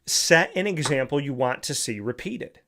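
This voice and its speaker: A man's voice: medium pitch, animated, normal speed, a bit bright, slight background noise. Male host, motivational monologue; lectures the listener, leans on rhetorical "right?" asides. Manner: lecturing with rhetorical questions, often asks "right?".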